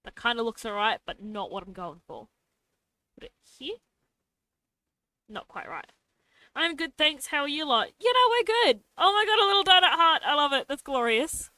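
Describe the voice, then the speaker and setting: A woman's voice: high-pitched, sing-song, moderate pace, long pauses, pushed and bright, no echo. A young woman streaming casually, talking to herself as she draws and adding playful little sound effects. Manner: talks to herself while drawing, adds playful sound effects. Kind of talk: casual live-stream chatter while drawing.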